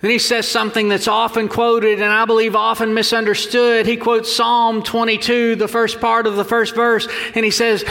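High-voiced preaching man in a reverberant hall. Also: monotone, a bit bright. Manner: earnest, measured preaching. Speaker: pastor. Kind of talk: sermon.

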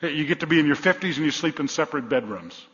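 A man in his sixties, a pastor preaching a sermon in a church, blunt and folksy, swinging between loud exhortations and quiet asides. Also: fairly high pitch, lively intonation, fast talker. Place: church sanctuary. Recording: echoey hall, slightly dull sound.

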